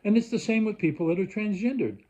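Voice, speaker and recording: Husky man ranting. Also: sits high, quick pace, warm tone, lo-fi sound. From Canada. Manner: worked-up, rambling, frequent restarts. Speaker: vlogger. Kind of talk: rambling casual rant.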